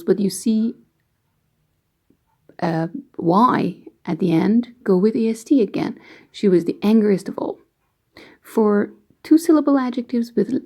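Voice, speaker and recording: A woman explaining English grammar rules slowly and patiently, giving example sentences as an online teacher. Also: mid-range voice, dark tone. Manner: slow, careful, patient explaining.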